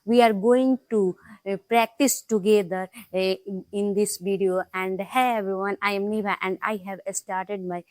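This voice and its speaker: A woman records a casual practice vlog about speaking English. She talks haltingly with frequent fillers, in a mid-pitched voice, and punches out each example sentence with a rising tone. The sound is dry and close to the mic. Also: steady tone, a little mellow, no room sound. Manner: hesitant, many fillers, learner English. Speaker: English learner vlogger.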